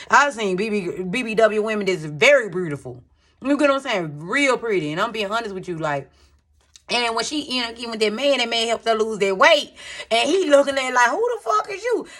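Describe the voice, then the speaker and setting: A woman does a casual tarot reading, chatting candidly and ramblingly with her viewers, calling them y'all and using slang and swearing. Her voice is fairly high and a bit bright.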